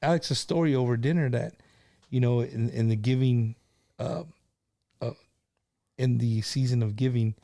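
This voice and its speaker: A man's voice: medium pitch, fairly even intonation, moderate pace, creaky, long pauses, mellow. A middle-aged man hosting a casual live stream, chatting and telling stories in an easygoing way, with plenty of "you know" and "man".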